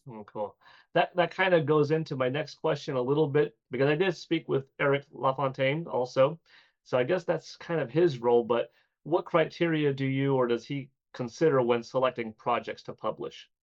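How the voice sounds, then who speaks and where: A man's voice: medium pitch, normal speed. A man interviewing a guest in a casual, chatty way, asking long rambling questions. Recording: dull lo-fi sound.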